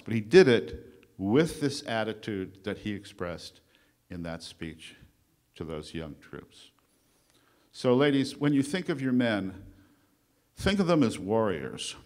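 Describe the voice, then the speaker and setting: A man with a fairly low voice speaking to a conference room. He tells his story loosely and conversationally, pausing with many fillers, and his voice often trails off softly at the ends of phrases. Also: big pitch swings. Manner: conversational, with frequent "uh" pauses while recounting history. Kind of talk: lecture at a conference. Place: conference room before an audience.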